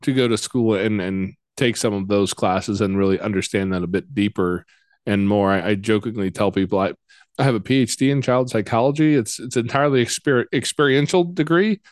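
A man hosting a conversational interview in a relaxed, stop-start manner. He repeats words as he gathers his thoughts. The sound is very dry and close. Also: lowish voice, brisk, dry recording. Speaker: podcast host.

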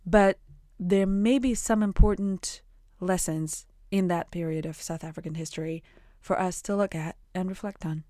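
A woman with a lowish voice reads a scripted introduction, explaining the background in a measured way. The recording is close and dry. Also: dark tone, no room sound. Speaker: podcast host. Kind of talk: scripted narration.

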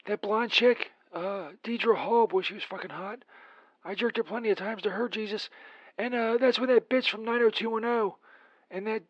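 A man's voice: very high-pitched, no echo, lo-fi sound, voice pushed up. A man voicing a crude, rambling Saint Peter who leaves a profane, petty comic voicemail.

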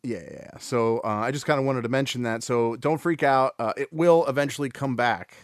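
A man hosting a casual gaming podcast, talking in a relaxed way with lots of fillers and restarts. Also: medium pitch, a little fast, dry recording, studio quality. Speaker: podcast host.

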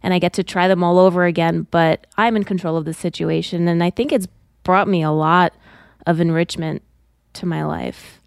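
Woman podcast guest, low smooth gravelly voice, reflective. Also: steady tone, normal speed, no room sound, clean studio sound. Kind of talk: casual chat.

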